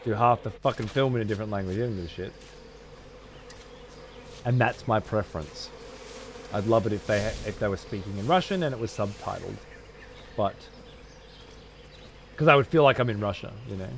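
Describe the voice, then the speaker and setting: A man's voice: fairly low pitch, normal speed, pauses often, slight background noise. A young man giving casual, profane commentary while playing a game and thanking viewers. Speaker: let's play streamer.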